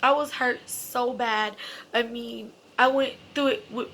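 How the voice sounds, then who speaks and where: A woman's voice: a little high, steady tone, a little slow, fairly bright tone. A young adult woman telling a personal story in a casual, emotional way, swearing freely and filling her talk with "like" and "you know". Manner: emotional, candid, swears freely, heavy fillers.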